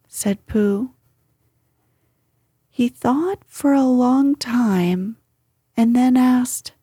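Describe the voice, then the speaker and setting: Slow, husky woman reading a storybook. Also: medium pitch, no room sound, studio quality. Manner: calm, unhurried narration.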